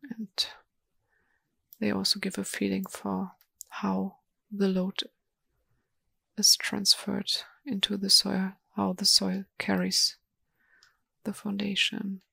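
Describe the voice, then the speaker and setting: Female webinar presenter, halting and monotone, dry sound with mouse clicks. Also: medium pitch, gravelly, breathy edge, no echo. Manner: slow, hesitant, many ums and restarts. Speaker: software presenter. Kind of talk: live software demo webinar.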